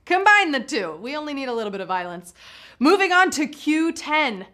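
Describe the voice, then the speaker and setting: A woman's voice: sits high, sing-song, normal speed, noisy background. A woman hosting a live trivia game show, bubbly and playful, reading questions and hyping up the players.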